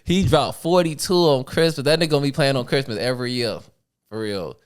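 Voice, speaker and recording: Slangy, animated man, smooth clear voice. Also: medium pitch, a little fast. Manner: slangy, laughing, animated storytelling. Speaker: podcast co-host. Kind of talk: casual chat.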